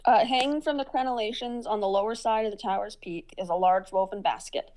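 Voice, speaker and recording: A woman narrating a tabletop role-playing game as game master, descriptive and halting with fillers. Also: medium pitch, a little mellow, poor audio.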